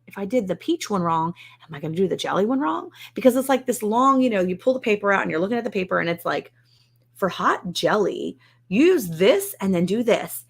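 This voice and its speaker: A woman's voice: mid-range voice, expressive, fast, creaky, few pauses. A woman hosting a casual live stream from home, chatting wryly and mocking herself as she answers viewers' comments. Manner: chatty, wry, self-mocking. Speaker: host of a live ranch stream. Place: indoors at home.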